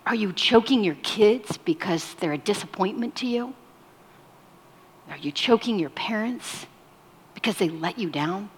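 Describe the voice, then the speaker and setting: A woman preaching a sermon, moving between loud emphatic lines and soft whispered ones. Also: medium pitch, lively intonation, measured pace, husky. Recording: long hall reverb.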